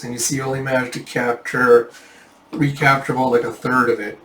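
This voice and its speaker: A man in a casual comic readthrough, lively and chatty as he narrates the panels. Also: mid-range voice, a little fast, slight background noise. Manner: lively, chatty, jumps into character voices. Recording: roomy, mic at a distance.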